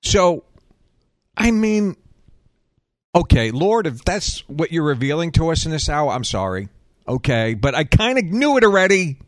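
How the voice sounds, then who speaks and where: A man hosting a talk show, telling stories in a casual, sarcastic, animated way. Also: on the high side, a little slow, no room sound. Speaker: radio show host.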